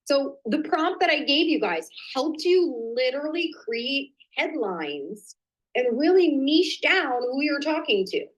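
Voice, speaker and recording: Excitable chatty woman coaching a live stream. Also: high voice, unhurried, rough recording. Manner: chatty and excitable, mutters to herself while fixing slides. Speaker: host of a live business training.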